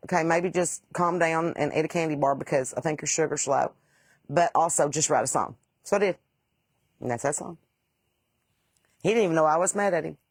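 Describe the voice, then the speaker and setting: Deep-voiced and recorded dry, the woman chats loosely with her livestream audience. She reads their comments and rambles on with salty storytelling.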